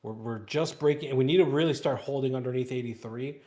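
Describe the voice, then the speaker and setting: A man's voice: mid-range voice, quick pace, mellow. A man hosting a live trading stream, chatting casually and rambling, repeating words and swearing now and then.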